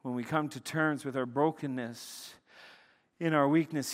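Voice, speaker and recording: Preacher in a big echoing hall. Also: male voice, medium pitch, measured pace. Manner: animated, swings from loud excitement to hushed intensity. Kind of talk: sermon with storytelling. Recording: long reverb of a large hall.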